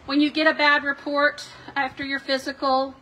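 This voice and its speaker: A woman pastor delivering a sermon in a measured, reflective way, voicing the questions of scripture with drama. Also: high-pitched, little pitch movement, sharp tone, a little hiss or hum. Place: church sanctuary.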